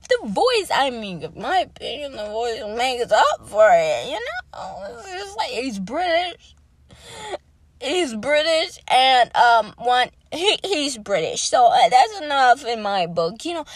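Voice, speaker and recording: Young woman, podcast host, rambling casual chat, slow unhurried delivery, dry close sound. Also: sits high, big pitch swings, dry recording. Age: young adult. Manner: chatty, rambling, drifts between topics.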